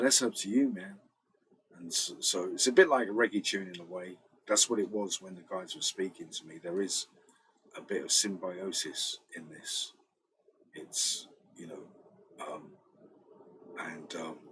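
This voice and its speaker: Deep-voiced British man chatting casually. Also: a bit bright, a little hiss or hum, poor audio. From Britain. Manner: rambling storyteller, acts out quoted voices. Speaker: bass player. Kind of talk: casual chat.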